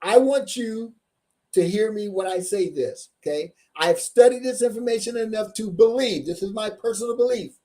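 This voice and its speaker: A man's voice: sits high, moderate pace, mellow. A man delivers a motivational seminar presentation as a tax coach. He speaks emphatically, drawing out his key points and repeating them. He keeps asking his audience questions to pull them in.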